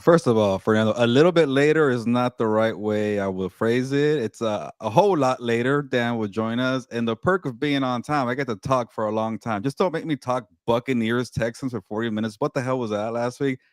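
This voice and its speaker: A man's voice: mid-range voice, a little fast, few pauses, no room sound, clean studio sound. A man co-hosting a casual sports podcast, blunt and grumbling, ranting with mock outrage. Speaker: podcast co-host.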